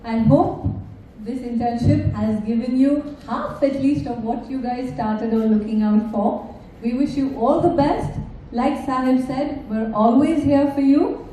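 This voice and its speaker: A woman's voice: high voice, measured pace, warm tone, slight background noise. A woman hosting a farewell event, thanking everyone and mixing in Hindi phrases. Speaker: event host. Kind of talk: farewell thank-you speech. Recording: echoey room, distant mic.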